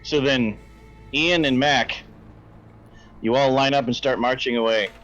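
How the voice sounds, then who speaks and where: A man's voice: mid-range voice, steady tone, a little slow, a bit bright. A man narrating as game master of a tabletop game, describing scenes in a rambling, self-correcting way. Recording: dull lo-fi mic with faint music.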